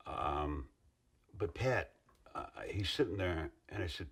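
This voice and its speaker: A man's voice: deep voice, a little slow, long pauses, slightly rough. A middle-aged man in an interview, recounting past events in a rambling, earnest way with restarts and asides. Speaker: interviewee, former union member. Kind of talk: interview recollection.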